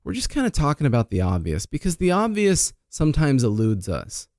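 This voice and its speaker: A man who is a financial planner, chatting on a talk show. He tells stories in an animated way, acting out quoted lines and often restarting and repeating words. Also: fairly high pitch, fairly quick, no echo, clean studio sound. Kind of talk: casual radio chat.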